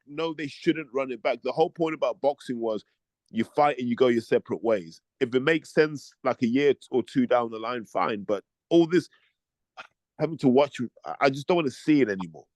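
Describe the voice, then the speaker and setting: A man's voice: medium pitch, fairly quick, no room sound. A man, co-hosting a casual chat, blunt and opinionated, with lots of "like". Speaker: podcast co-host.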